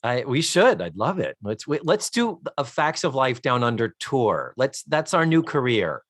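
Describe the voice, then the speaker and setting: A man in his fifties co-hosting a casual podcast chat, animated and swearing freely as he acts out scenes. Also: mid-range voice, moderate pace, no echo, clean studio sound. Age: 50s. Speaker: podcast co-host.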